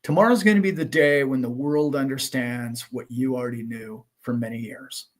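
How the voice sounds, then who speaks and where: A man's voice: mid-range voice, moderate pace. A man hosting a livestream, chatting casually and greeting viewers, rambling and friendly with lots of filler words. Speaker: livestream host.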